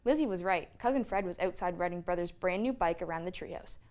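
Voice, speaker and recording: A woman storyteller reading a children's picture book aloud in an expressive read-aloud manner. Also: on the low side, fast talker.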